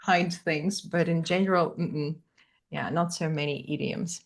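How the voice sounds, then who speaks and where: Lady hosting, slow and lowish voice, picks words carefully. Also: fairly even intonation. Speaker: host, English teacher. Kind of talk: casual interview chat.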